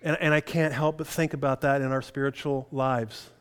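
A man's voice: mid-range voice, flat delivery, normal speed, smooth. A middle-aged man preaching a sermon, telling a personal story in a self-deprecating way with chuckles. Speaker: pastor.

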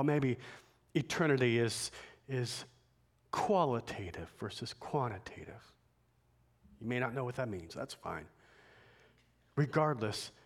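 A man preaching a sermon, building to emphatic, forceful points. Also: mid-range voice. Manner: emphatic preacher, rising to forceful climaxes, slow deliberate phrasing. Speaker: pastor.

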